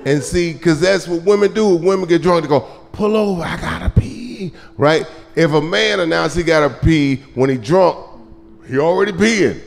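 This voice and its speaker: A male stand-up comedian telling a profane story on stage, shouting his punchlines. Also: on the high side, normal speed, creaky, in a large hall. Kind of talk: live stand-up set. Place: comedy club stage with audience laughter. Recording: live club recording with audience noise.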